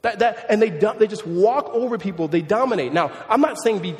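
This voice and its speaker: A pastor around thirty preaching a sermon in a conversational, animated way, mixing in humorous family stories. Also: male voice, sits high, brisk, long reverb tail.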